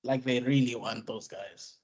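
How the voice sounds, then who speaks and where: Laid-back co-host. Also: male voice, mid-range voice, steady tone, unhurried, breathy edge, muffled recording. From South Africa. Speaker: podcast co-host. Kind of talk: casual panel chat.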